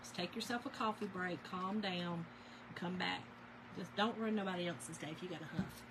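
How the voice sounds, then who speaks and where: A woman's voice: fairly low pitch, moderate pace, background noise. A chatty woman, telling stories to viewers and reading their names aloud during a casual crafting livestream.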